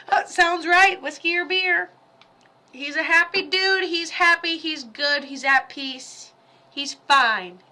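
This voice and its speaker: A woman giving live psychic readings on a stream, chatty and rambling, with quick asides and quoted voices. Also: very high voice, pushed and bright. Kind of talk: casual livestream readings.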